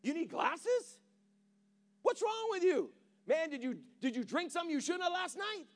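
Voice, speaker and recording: A preacher playing a panicked young male servant who loudly mocks his master in disbelief. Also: very high voice, sing-song, moderate pace, pitched above the performer's own voice. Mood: incredulous. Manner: loud, mocking disbelief.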